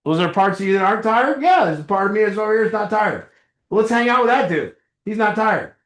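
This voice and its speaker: A middle-aged man with a high, fairly bright voice talks fast and expressively to a small recovery group in an echoey meeting room. His casual motivational talk is conversational, and he acts out little dialogues with a chuckle.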